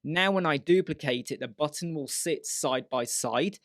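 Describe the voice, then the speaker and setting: A man teaching a web design software tutorial in a chatty, step-by-step way, often voicing the questions a viewer might ask. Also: on the high side, normal speed, dry recording, clean studio sound. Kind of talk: screen-share software tutorial.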